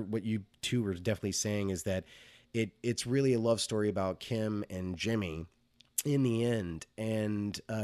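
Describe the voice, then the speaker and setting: A man's voice: on the low side, darkish tone, no room sound. A man hosting a casual podcast discussion, enthusiastic and rambling, with many restarts. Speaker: podcast host.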